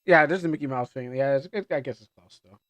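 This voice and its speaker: A man's voice: medium pitch, quick pace, fairly bright tone, dry recording. A man who grew up in Canada, chatting casually on a livestream, rambling and self-deprecating with many restarts. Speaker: streamer. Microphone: desk microphone with headphones.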